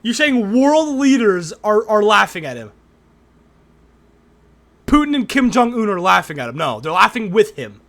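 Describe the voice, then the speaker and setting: A man's voice: high-pitched, big pitch swings, moderate pace, pauses often, a bit bright. A young man streaming his crude, mocking reaction to a debate, swearing and laughing as he talks over the clips. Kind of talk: profane reaction commentary.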